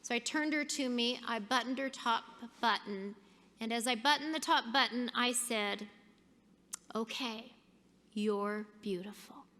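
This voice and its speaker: A woman's voice: on the high side, moderate pace, sharp tone. A woman giving a keynote speech, telling a personal story with animation and acting out the people in it. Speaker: keynote speaker. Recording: long hall reverb.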